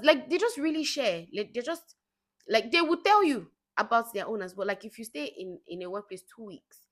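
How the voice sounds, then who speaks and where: A woman's voice: on the high side, a bit bright. Chatty young woman telling stories. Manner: chatty storytelling with laughing asides. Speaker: vlogger. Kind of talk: casual chat to camera.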